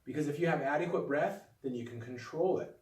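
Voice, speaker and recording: Calm man teaching in an echoey room. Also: on the high side, brisk, recorded from a distance. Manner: calm, patient, demonstrative explaining. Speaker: flute teacher. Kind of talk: instructional video lesson. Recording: echoey room, voice a bit off-mic.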